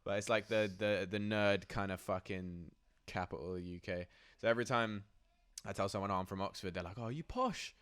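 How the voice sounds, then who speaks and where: A man's voice: on the low side, steady tone, a little fast, a bit bright, smooth, no room sound. A young man with a posh London accent, chatting loosely in an interview, full of slang, swearing and fillers. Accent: posh London English. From England. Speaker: rapper and guest. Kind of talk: casual interview chat.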